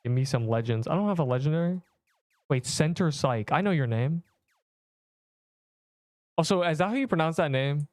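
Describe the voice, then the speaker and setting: Smooth-voiced young male gaming streamer. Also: a little high, lively intonation, moderate pace, pauses often, no room sound, clean studio sound. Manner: rambling, filler-heavy, reads chat aloud. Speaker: livestreamer. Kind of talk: casual livestream chat while gaming.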